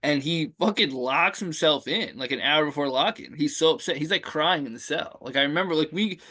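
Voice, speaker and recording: A man's voice: on the high side, fairly quick, sharp tone. A man co-hosting a podcast, telling stories in casual slangy chat and laughing all the way through. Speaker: podcast co-host.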